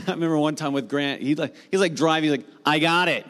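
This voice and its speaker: Middle-aged man, pastor, animated conversational sermon, long echo of a large hall. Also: on the high side, quick pace, smooth. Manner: animated, conversational preaching with rising emphasis.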